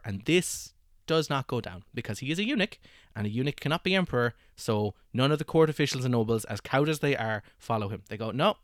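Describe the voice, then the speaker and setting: A man's voice: mid-range voice, no echo, studio quality. A man hosting a podcast, telling a history story in casual chat, often laughing and acting out what people said. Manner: animated, laughs often, acts out quotes.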